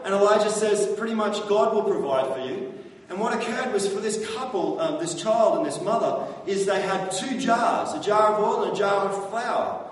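A man's voice: high voice, moderate pace, a little hiss or hum. A man preaching a sermon as pastor, talking in a conversational way and often asking the congregation questions. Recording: echoey hall from far off.

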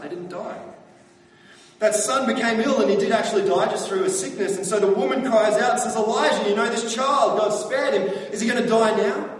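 A man preaching a sermon as pastor, talking in a conversational way and often asking the congregation questions. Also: high voice. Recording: echoey hall from far off.

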